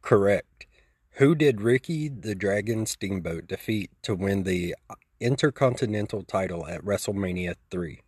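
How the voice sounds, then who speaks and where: A man reading out trivia questions and confirming answers in a measured, deliberate way. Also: on the low side, animated, darkish tone, breathy edge. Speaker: trivia quizmaster.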